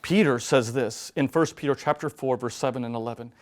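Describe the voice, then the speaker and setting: With a mid-range voice and hardly any pauses, a priest talks fairly quickly through a sermon to a live audience. He dramatizes quotes while telling stories, swinging between loud emphasis and quiet, hushed delivery.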